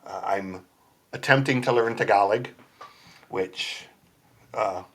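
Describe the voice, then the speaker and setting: A man's voice: on the low side, slow, a bit bright, husky. A man in casual chat as a podcast guest, rambling and laughing often between points. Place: home basement room.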